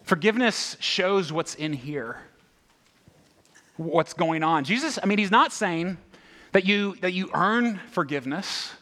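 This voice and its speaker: A man's voice: high-pitched, a little slow. A man preaching a sermon in a conversational way, asking his listeners many rhetorical questions. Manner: conversational, animated, many rhetorical "right?" asides. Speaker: pastor.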